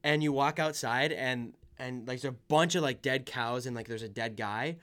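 A man's voice: mid-range voice, normal speed, a bit bright. A man in casual chat, retelling a video game side quest in a rambling way and acting out the characters' lines.

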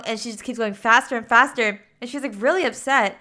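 A woman's voice: on the high side, brisk, hardly any pauses, sharp tone. A woman casually retelling a film plot, chatty and peppered with 'like' and 'you know'.

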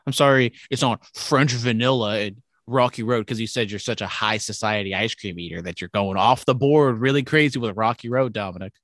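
A man's voice: fairly low pitch, fairly quick, hardly any pauses, a bit bright, no room sound. Rambling young man, dry close sound. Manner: rambling, teasing. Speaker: podcast co-host. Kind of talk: casual chat.

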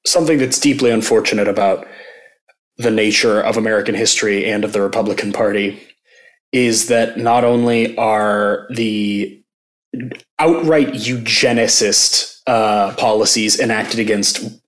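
A man's voice: lowish voice, measured pace. A man co-hosting a casual political discussion, talking conversationally and reading out quotes. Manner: conversational, reads quotes aloud, swears. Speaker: podcast co-host.

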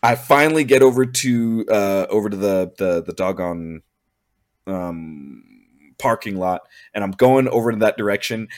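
A young man telling a long comic story in casual chat, animated and exasperated, swearing and laughing as he goes. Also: on the low side, a little slow.

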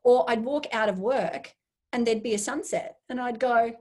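A woman with a husky, slightly breathy voice talks through a relaxed interview. She speaks with enthusiasm and slips into little acted-out asides of her own thoughts. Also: fairly high pitch, normal speed. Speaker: guest. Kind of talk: casual interview chat.

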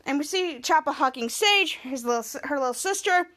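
A woman hosting a podcast, narrating a TV episode scene by scene in a rambling, halting way. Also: sits high, lively intonation, bright, forceful tone. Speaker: podcast host. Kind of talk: casual episode recap.

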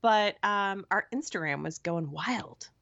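A woman in a casual interview, telling her stories with animated, acted-out quotes and quick asides. Her voice sits at a middling pitch, and the recording sounds a little dull and lo-fi. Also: gravelly. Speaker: podcast co-host and TV show cast member.

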